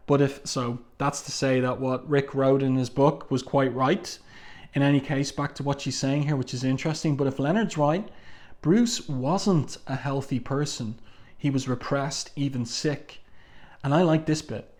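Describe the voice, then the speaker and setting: A man talks through a comic book issue in a relaxed, chatty review. His pitch sits in an ordinary middle range, and he pauses with ums while adding his own asides. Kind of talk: casual comic review, reading panel dialogue aloud.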